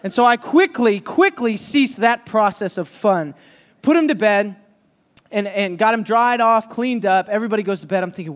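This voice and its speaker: A man preaching a sermon, telling a lively personal story and teasing his listeners. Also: high-pitched, normal speed, long reverb tail. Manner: animated, joking storyteller who teases the audience.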